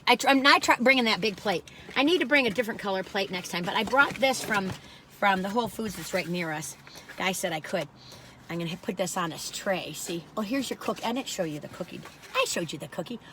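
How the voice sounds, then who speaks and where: An older woman who's a food vlogger reviews cookies while chatting casually, rambling and getting easily sidetracked onto tangents. Her medium-pitched voice is pushed and bright, fairly quick, with lively intonation and a little hiss or hum.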